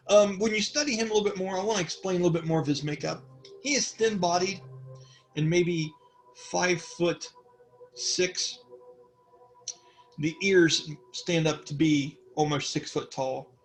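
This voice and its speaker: A man's voice: high voice, a little slow, long pauses, faint music behind. A man narrating a tabletop game as game master, rambling with many fillers.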